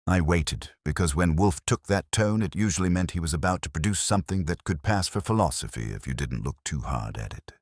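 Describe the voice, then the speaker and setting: A man's voice: low-pitched, animated, fairly quick, hardly any pauses, no echo, clean studio sound. A man narrating a mystery audiobook in the first person, wry and conversational.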